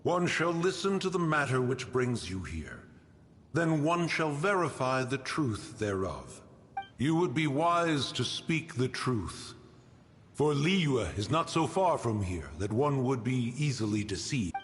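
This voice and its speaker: An actor playing a stern, ancient guardian spirit of a mountain who speaks in an archaic, formal, menacing way. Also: male voice, mid-range voice, very animated, a little slow, in a large hall. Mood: solemn. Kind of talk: game cutscene voice acting.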